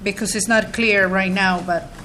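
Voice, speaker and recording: A woman committee chair running a vote and asking about wording in a brisk, procedural way. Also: medium pitch, steady tone, very noisy. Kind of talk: chairing a hearing. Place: legislative hearing room.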